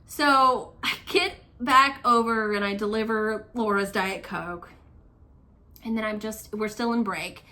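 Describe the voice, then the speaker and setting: A woman's voice: medium pitch, a little slow, bright, forceful tone. A woman hosting a cross-stitch vlog, telling stories in a chatty, enthusiastic way and laughing often. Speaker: Flosstube host. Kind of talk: casual storytelling vlog.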